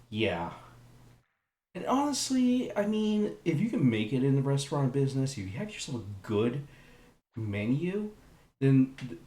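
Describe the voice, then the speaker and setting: A man's voice: mid-range voice, a little mellow, echoey room. A man streaming a retro game live, chatting casually and rambling with slang and many fillers.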